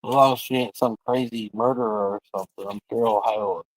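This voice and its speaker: A man's voice: lowish voice, fairly even intonation, fairly quick, no echo, rough recording. A man hosting a livestream, telling rambling, crude, joking stories in casual chat. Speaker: livestream host.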